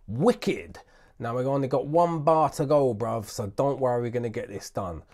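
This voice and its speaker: A man's voice: mid-range voice, normal speed, darkish tone. A British man casually talking through a music production tutorial in heavy slang, joking and muttering asides to himself. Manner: slangy and jokey, "bruv" after nearly every sentence; mutters grumbling asides under his breath. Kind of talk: casual screen-recorded tutorial.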